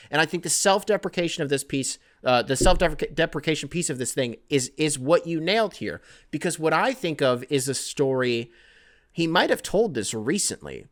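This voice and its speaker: A male podcast host in an easygoing, conversational mode reads and answers listener mail, his voice a little high. He drifts from thought to thought in a loose, rambling way, swearing casually and calling himself scatterbrained.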